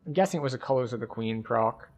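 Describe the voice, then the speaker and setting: A man's voice: mid-range voice, expressive, fast, darkish tone, soft background music. A man streaming a game, giving casual, chatty and analytic commentary with frequent likes.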